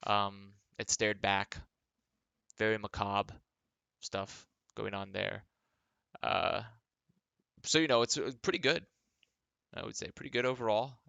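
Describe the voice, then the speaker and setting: Young man, tired, low-ish voice with a bright edge, rambling vlog talk with dry sarcasm. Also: unhurried, vocal fry, long pauses, clear, resonant tone, dry recording, lo-fi sound. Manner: rambling, filler-heavy, dryly sarcastic. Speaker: former esports pro player and commentator. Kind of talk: casual monologue vlog. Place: home workspace.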